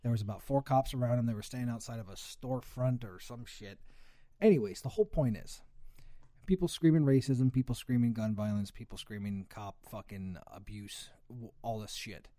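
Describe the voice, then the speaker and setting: A man's voice: medium pitch, brisk, mellow, no echo, studio quality. A young man ranting heatedly with lots of swearing in a casual chat.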